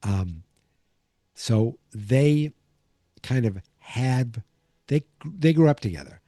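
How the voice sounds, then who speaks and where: A man's voice: medium pitch, lively intonation, slow, dark tone, no echo, studio quality. A man hosting a podcast, recapping an episode in a loose, casual way, full of fillers and restarts. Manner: rambling, many fillers and restarts. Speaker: podcast host.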